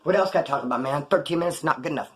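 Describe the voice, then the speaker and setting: Middle-aged man, fairly high voice, rambling profane monologue about prison days. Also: very fast. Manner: profane street slang, rambling. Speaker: storyteller recounting prison life. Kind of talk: casual monologue.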